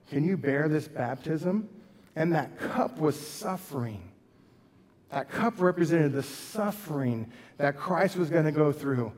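A man's voice: on the high side, darkish tone, in a large hall. A man preaching a sermon as pastor, earnest, rising and dropping his voice for emphasis. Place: church sanctuary.

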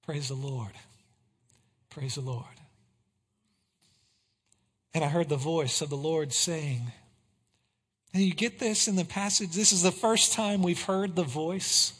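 A man preaching a sermon, swinging between hushed passages and loud exclamations of praise. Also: high voice, unhurried, breathy edge. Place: church sanctuary. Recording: long hall reverb.

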